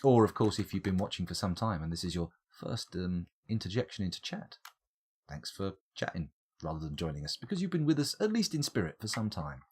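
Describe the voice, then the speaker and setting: Joking man with a lively, low voice. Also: fairly quick, slightly rough. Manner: chatty, joking, mutters at the game. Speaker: game streamer. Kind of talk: casual let's-play commentary.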